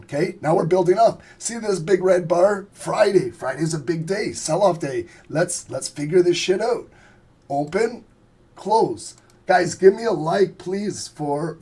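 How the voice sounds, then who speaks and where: A hoarse man as a trading instructor, casually walking viewers through price charts on a live stream, profane and checking they follow along. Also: on the high side, warm tone.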